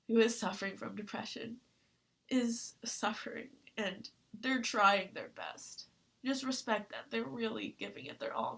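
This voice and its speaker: A young woman talking earnestly in a personal vlog, halting with fillers and close to tears. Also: fairly high pitch, gravelly, fairly bright tone. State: tearful. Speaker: vlogger.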